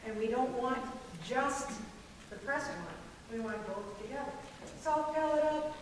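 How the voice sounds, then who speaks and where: A middle-aged woman coaches barbershop singers, explaining technique and breaking into sung demonstrations with jokes along the way. Her voice sits high. She is heard from a distance across a large hall with a long, booming echo. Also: a little slow, noisy background. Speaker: vocal coach. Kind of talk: barbershop vocal lesson to a group. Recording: very echoey hall, voice from far off.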